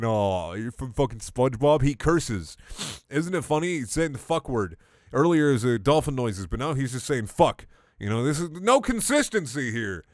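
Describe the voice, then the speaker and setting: A man's voice: medium pitch, sing-song, normal speed, no room sound, clean studio sound. A young man doing a comedic dramatic reading of fan fiction, breaking off into exasperated, sarcastic, sweary rants. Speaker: online comedy reader.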